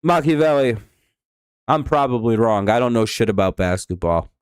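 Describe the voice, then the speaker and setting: A man's voice: medium pitch, expressive, normal speed, clear, resonant tone, no echo, studio quality. A man hosting a live stream, giving rambling, offhand game commentary with casual swearing.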